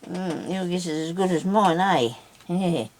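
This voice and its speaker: A woman's voice, on the low side with a darkish tone, comes at a slightly slow pace. She's crafting on camera for a tutorial, chatting casually to herself and to viewers as she works, with small self-teasing laughs.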